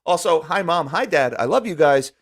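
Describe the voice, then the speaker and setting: A man with a slightly high voice runs through the day's headlines as a finance channel host. He reads each headline, then cuts in with sarcastic asides and speaks directly to his audience. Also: expressive, normal speed. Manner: sarcastic, talks directly to viewers. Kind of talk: news commentary reading headlines.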